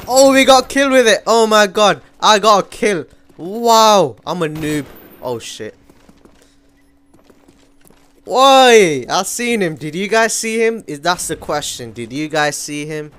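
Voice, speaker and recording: A young man giving live commentary over his own gameplay, excitable, switching between mumbled asides and sudden yells. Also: on the high side, smooth. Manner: excitable, swings from mumbling to yelling. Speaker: gaming commentator. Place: home room.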